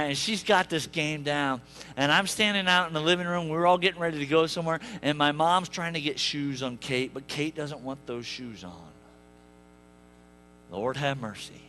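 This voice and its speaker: Male preacher, high bright voice, lively comic sermon delivery. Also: slight background noise. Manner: animated, jokey, acts out voices. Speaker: pastor. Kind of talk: sermon with humorous storytelling. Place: church sanctuary.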